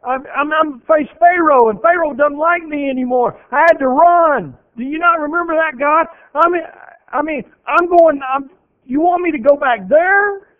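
A frantic, stammering Moses pleads and protests in a very high, strained voice, as a preacher acts him out. The sound is thin and tinny, like a radio broadcast heard over a phone line. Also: male voice, normal speed. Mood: pleading. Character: anxious, pleading Moses, grown man.

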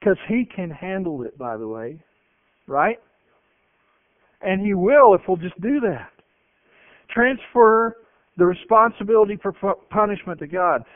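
A man's voice: high voice, unhurried, pauses often, no echo. Emphatic preacher man, tinny dry sound. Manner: emphatic, with animated storytelling. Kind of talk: sermon. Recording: narrow phone-like broadcast sound, dry.

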